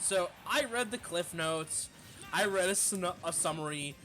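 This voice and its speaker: A man streamer telling a casual, profane story in an animated way, full of fillers. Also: high-pitched, a little slow, soft background music.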